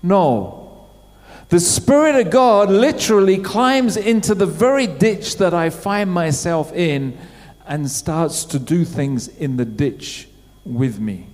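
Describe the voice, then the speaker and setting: A man's voice: high voice, lively intonation, slow, a little mellow. A middle-aged man preaching a sermon in church, talking in a conversational way and putting questions to the congregation. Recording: church hall with long reverb.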